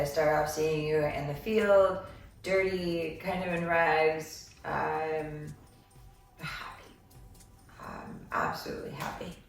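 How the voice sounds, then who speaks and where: Low gravelly woman giving a psychic reading. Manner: meandering, many filler ums. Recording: echoey room, far from mic, faint noise.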